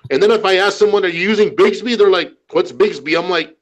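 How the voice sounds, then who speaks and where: Man, casual talk panelist; animated storyteller, swears, keeps saying "man"; voice on the high side. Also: fast talker, low-quality recording. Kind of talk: casual chat.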